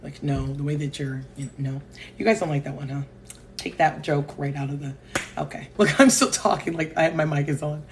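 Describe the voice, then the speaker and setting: A woman from Connecticut with a local accent, hosting a live stream on her phone and talking in an animated, opinionated, chatty way with her viewers. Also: sits low, normal speed, slight background noise. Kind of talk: casual live-stream talk.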